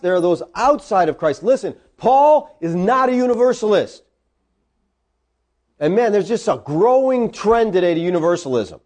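A man preaching a sermon, teaching from the Bible with emphatic, animated delivery. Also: high-pitched.

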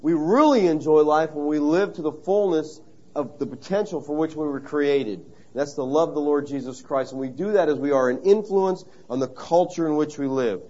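A man's voice: fairly high pitch, moderate pace, warm tone, highs cut off. A man preaching a sermon in a conversational, story-telling way, stressing key phrases by repeating them. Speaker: pastor.

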